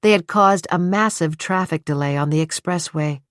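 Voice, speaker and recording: A woman with a low, grounded voice reads a suspense novel aloud in a measured, steady way. Her voice is dry and close, with no room around it, and she gives the characters' lines their own colour. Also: no echo. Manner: even, measured storytelling with voiced dialogue. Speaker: audiobook narrator. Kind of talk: scripted narration.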